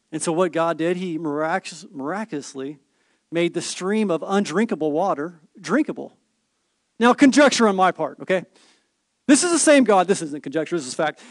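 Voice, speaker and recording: A man's voice: sits high, dry recording, clean studio sound. A pastor in his thirties preaching a sermon, telling stories with rhetorical questions and playful asides.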